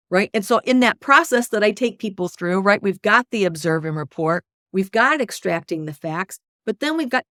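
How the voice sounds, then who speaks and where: A woman working as a hypnosis coach, speaking in an animated, conversational way and often checking in with "right?". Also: medium pitch, normal speed, no room sound, studio quality. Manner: animated, often tags "right?", acts out inner voices. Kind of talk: conversational interview.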